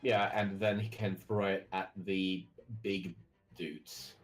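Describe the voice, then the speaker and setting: A man playing a tabletop game, laid-back and planning moves out loud. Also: deep voice, flat delivery, takes it slowly, soft background music, poor audio. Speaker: player.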